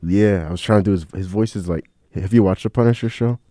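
A man's voice: low-pitched, quick pace, warm tone, no echo, clean studio sound. A young man co-hosting a podcast in casual chat, laughing often and calling his friend bro. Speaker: podcast co-host.

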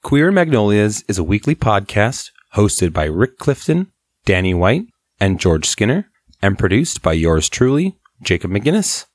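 A man producing a podcast, reading its outro in a brisk, even delivery. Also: fairly low pitch, dry recording, clean studio sound. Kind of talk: read outro.

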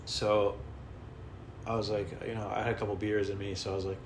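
A man's voice: lowish voice, flat delivery, fast, slight background noise. A man telling a rambling, profane, self-deprecating story in a casual vlog. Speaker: vlogger. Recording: roomy with faint ambience.

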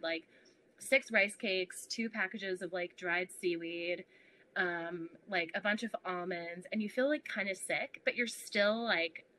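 A woman's voice: medium pitch, low-quality recording. A young woman guest on a podcast, chatting casually and acting out her inner voices with frequent laughs. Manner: animated, acts out inner voices, laughs often. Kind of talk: casual interview chat.

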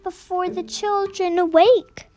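A chorus of tiny pleading toys, as a woman puts them on, high and begging. Storybook voice, drawn out and earnest. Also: fairly even intonation, slow pace, darkish tone.

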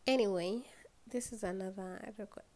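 Sounding sleepy and yawning, a young woman with a Kenyan accent chats casually and at a normal speed on her solo podcast. Her medium-pitched voice is mellow, and she swears freely while mixing English with Swahili.

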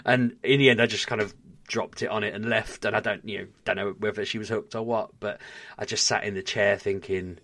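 A fairly low-voiced man chats on a podcast. He tells embarrassing stories about himself and acts out both sides of the conversations. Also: fairly quick, no room sound. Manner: self-deprecating storytelling, animated quoting. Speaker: podcast co-host. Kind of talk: casual chat.

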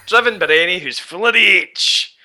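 Co-host, middle-aged, sweary rambling recap, bright tense voice, slightly high. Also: male voice. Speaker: podcast co-host. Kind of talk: casual film recap chat.

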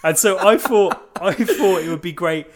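A man's voice: high-pitched, normal speed. A man co-hosting a comedy podcast, rambling with lots of fillers and frequent laughs. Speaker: podcast co-host. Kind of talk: casual comedic chat.

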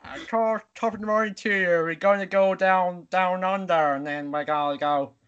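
A man's voice: high-pitched, fairly even intonation, very slow, pushed and bright, clean tone, lo-fi sound, exaggerated voice. A young man putting on a jokey mock Irish-Australian accent as a cheery bloke, recorded over a video call. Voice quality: boisterous, mixed mock accent. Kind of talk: student podcast chat.

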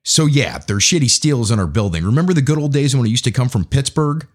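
A man's voice: mid-range voice, animated, fast talker. An American man hosting a podcast, delivering a profane, conversational opinion rant. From United States. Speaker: podcast host. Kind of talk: opinion monologue.

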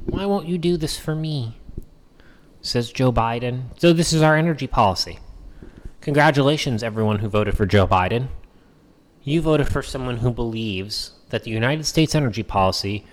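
A man hosts a political talk podcast, riffing in a dry, sarcastic, rambling way. His voice sits at an ordinary middle pitch. A long reverb trails behind every line. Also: moderate pace. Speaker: podcast host.

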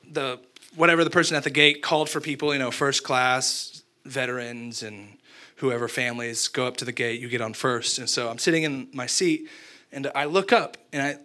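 A man's voice: medium pitch, sharp tone. A young man preaching, telling a self-mocking story and acting out his own thoughts. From Abilene, Texas. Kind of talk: storytelling sermon.

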